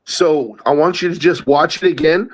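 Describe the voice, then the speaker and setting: A man's voice: fairly high pitch, moderate pace, poor audio. A man co-hosting a podcast in casual chat, talking bluntly and emphatically, swearing freely. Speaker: podcast co-host.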